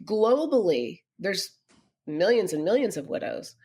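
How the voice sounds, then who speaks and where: This middle-aged podcast guest speaks in a husky, medium-pitched voice at an unhurried pace. She shares a personal story with earnestness and livens up when quoting others.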